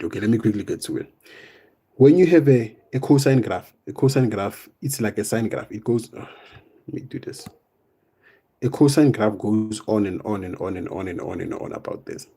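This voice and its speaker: A young man teaching math in a live online exam revision lesson, casual and step by step, often tagging on "right?" and "boom". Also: creaky, warm tone, husky. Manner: explains step by step, coaxing students.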